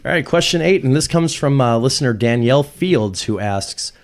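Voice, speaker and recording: A man serving as quizmaster on a podcast game. He reads each listener question in a brisk, upbeat announcing voice, then confirms the answers. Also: mid-range voice, lively intonation. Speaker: guest quiz host. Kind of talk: reading out trivia questions and answers.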